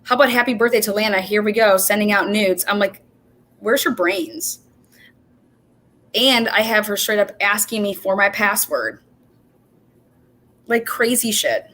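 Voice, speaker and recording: A woman at a home mic hosting a casual livestream, talking at an ordinary middle pitch. She tells her story with animated, profane energy, acting out what each person said. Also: normal speed. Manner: animated storytelling, profane, quotes herself and others in dialogue. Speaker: show host.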